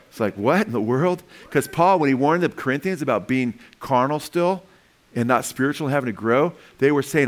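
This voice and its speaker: A man's voice: mid-range voice, normal speed. Preaching man calling out "Amen?". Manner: lively preaching with humor, calls of "Amen?". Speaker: pastor. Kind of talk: sermon.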